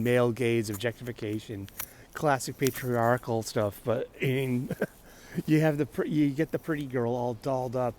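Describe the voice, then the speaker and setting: A man's voice: medium pitch, darkish tone, a little hiss or hum. A man hosting a casual solo talk show, rambling with frequent restarts and laughter. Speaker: podcast host.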